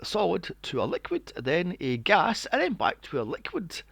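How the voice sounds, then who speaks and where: Podcast host, male, slightly high and very animated delivery, mocking and profane. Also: normal speed, creaky, no room sound. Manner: animated, acts out scenes in mocking voices, swears often. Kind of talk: casual movie review chat.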